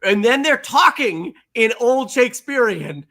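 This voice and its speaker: A man co-hosting a comedy podcast, telling animated stories full of swearing and acted-out quotes. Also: very high-pitched, measured pace. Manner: animated storyteller, swears a lot, acts out quotes. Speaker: podcast co-host. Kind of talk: casual comedic chat.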